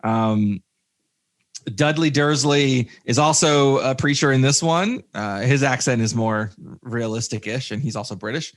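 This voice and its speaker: A man's voice: mid-range voice, measured pace. A man co-hosting a casual movie review podcast, rambling with many fillers and restarts, with jokey asides. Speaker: podcast co-host.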